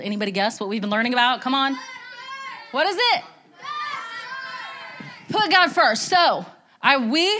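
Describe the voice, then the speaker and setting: A woman's voice: fairly high pitch, sharp tone. A woman giving an informal, earnest church talk, chatty and full of fillers and restarts. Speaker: church speaker.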